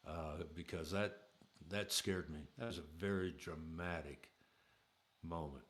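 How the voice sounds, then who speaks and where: A middle-aged man with a deep voice and fairly even intonation tells a personal story in a casual, halting way, with lots of fillers and restarts.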